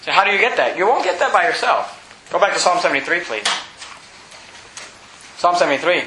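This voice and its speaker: A male pastor preaching a sermon in a church, animated and building up to shouts. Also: high-pitched, a little fast, echoey room, a little hiss or hum, low-quality recording.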